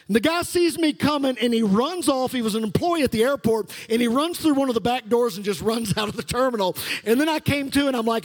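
A man's voice: extremely high pitch, fairly quick, hardly any pauses. A middle-aged male pastor delivering a sermon with fervent call-and-response preaching in a church sanctuary. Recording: long reverb of a large hall.

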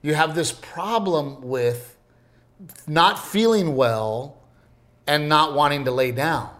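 A man in his thirties co-hosting a podcast in casual chat, telling stories and acting out quotes with big jumps in voice. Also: slow pace. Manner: animated storyteller, acts out quotes with big pitch jumps. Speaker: podcast co-host.

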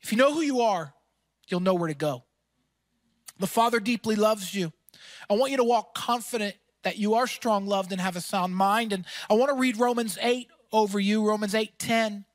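A man preaching a sermon as pastor, energetic and emphatic, with casual fillers and quick asides. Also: sits high, no room sound.

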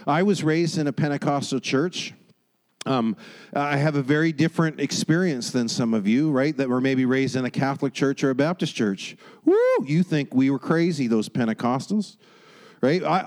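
A man's voice: fairly high pitch, darkish tone, rough recording. A man preaching a sermon, talking emphatically and often checking in with "right?" and "amen?". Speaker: pastor.

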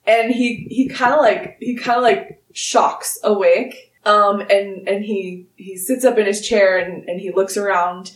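A woman's voice: medium pitch, steady tone, a little slow, hardly any pauses, distant mic. A woman narrating a tabletop game as game master, in loose casual talk with many fillers. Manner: casual, full of "like" and restarts. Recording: roomy, a bit off-mic.

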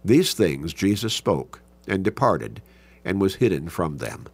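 Slow, gravelly man teaching a Bible class. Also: sits low, very animated, no room sound. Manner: slow, emphatic, stretching key words; reads scripture aloud, then explains it.

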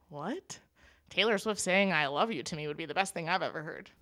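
The young female co-host talks fairly quickly in a lowish voice, full of casual, expressive fan enthusiasm. The podcast audio is clean studio sound without echo.

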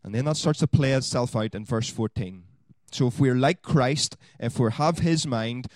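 A man preaching a sermon, swinging from loud exhortation to quiet asides. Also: mid-range voice, dry recording. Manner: animated, rising to loud exhortation then dropping to quiet asides.

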